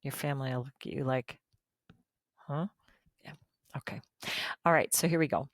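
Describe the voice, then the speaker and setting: A woman's voice: rumbling low, quick pace, dry recording, studio quality. A middle-aged woman teaching math in a recorded video lesson, chatty and folksy with joking asides.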